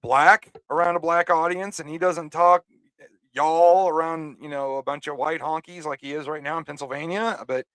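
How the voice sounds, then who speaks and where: A man co-hosting a casual talk show, halting and repeating words as he rambles. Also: fairly high pitch, fairly even intonation, pushed and bright, no echo. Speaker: co-host. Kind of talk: casual podcast commentary.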